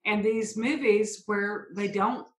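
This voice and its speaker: A woman's voice: mid-range voice, steady tone, slow pace. Blunt, profane woman. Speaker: podcast co-host. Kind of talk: casual chat. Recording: echoey room.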